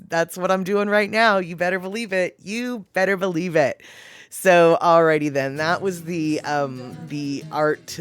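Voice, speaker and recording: A woman's voice: lowish voice, clean tone, dry recording, studio quality. A woman livestreaming, rambling casually and greeting viewers in the chat.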